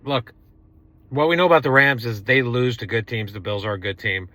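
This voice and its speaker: A man co-hosting a sports podcast, weighing his football picks out loud with some hesitation. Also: medium pitch, fairly quick, dry recording. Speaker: podcast co-host. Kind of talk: casual sports betting chat.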